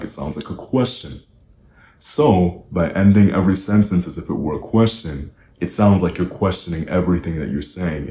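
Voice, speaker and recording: A man's voice: deep voice, warm tone. A man speaking as a coach, giving earnest, direct advice and putting rhetorical questions to the listener. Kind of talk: instructional advice talk. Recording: roomy echo, faint background noise.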